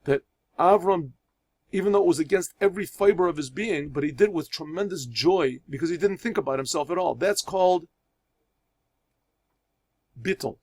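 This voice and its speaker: A man, a rabbi teaching a religious class, who reads Hebrew phrases aloud and explains each one in English, telling parables with pauses and restarts. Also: on the high side, a little mellow, husky. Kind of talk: religious lesson.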